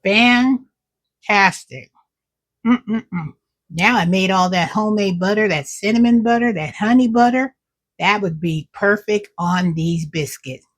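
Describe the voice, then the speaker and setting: A middle-aged woman hosts her own cooking vlog, chatting casually with viewers as she tastes her food. Her voice is mid-range and a little slow.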